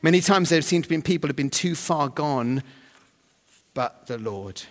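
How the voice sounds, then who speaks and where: A man delivers a sermon in a fairly high voice, trading on humor and storytelling and now and then bursting into loud emphasis. His voice rings out with a long reverb, as in a church hall. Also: animated, moderate pace. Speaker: preacher.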